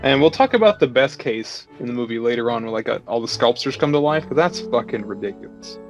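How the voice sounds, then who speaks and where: A man's voice: medium pitch, quick pace, highs cut off, soft background music. A man co-hosting a casual film review chat over beers, talking in a loose, easygoing way. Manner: relaxed, talks with many "like" fillers. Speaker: podcast co-host.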